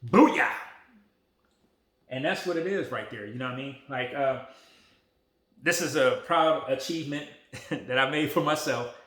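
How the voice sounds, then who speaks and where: A man in his forties talking casually to a phone camera, relaxed, emotional and motivational. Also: mid-range voice, moderate pace, reverberant, a little hiss or hum. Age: 40s. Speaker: vlogger.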